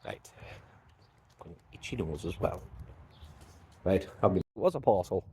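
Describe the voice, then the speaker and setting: A man with a mellow, soft-edged voice talks casually into a handheld phone while out walking. He rambles, mutters to himself and jokes at his own expense, with faint noise around him. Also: sits low, lively intonation, normal speed. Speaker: vlogger. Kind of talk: casual vlog talk to camera. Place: outdoors by mailboxes, walking around.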